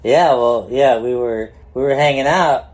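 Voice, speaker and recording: A man's voice: mid-range voice, a little slow, a little mellow. A middle-aged man from California, a guest telling laid-back stories, swearing freely and laughing as he goes. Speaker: guest, pro skateboarder. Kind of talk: casual storytelling.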